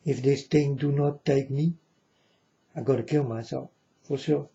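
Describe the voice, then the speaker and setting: A man in a rambling monologue to his viewers, earnest and repetitive, with halting non-native phrasing. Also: medium pitch, steady tone, gravelly, warm tone, lo-fi sound. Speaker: vlogger addressing viewers.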